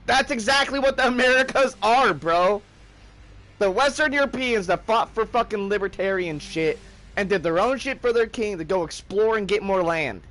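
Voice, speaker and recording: A man's voice: high voice, lively intonation, normal speed, a bit bright. A young man hosting a gaming livestream, ranting in a heated, profane, casual way.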